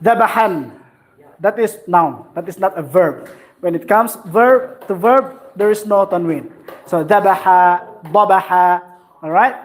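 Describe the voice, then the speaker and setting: Man, Quran reading teacher, slow, patient, repeats sounds. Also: high voice, expressive. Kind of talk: slow classroom instruction.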